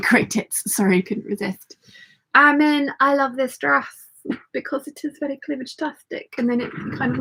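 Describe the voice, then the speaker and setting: A woman hosting a casual sewing livestream, chatty and reading viewer comments aloud, her voice slightly croaky. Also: mid-range voice. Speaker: sewing channel host.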